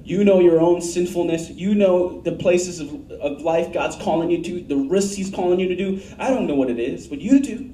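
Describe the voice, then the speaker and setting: Pastor, male, high-voiced, mellow tone, blunt emphatic sermon delivery, roomy church sound from off-mic. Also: moderate pace, hardly any pauses, distant mic. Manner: blunt, emphatic preaching with asked-for audience answers.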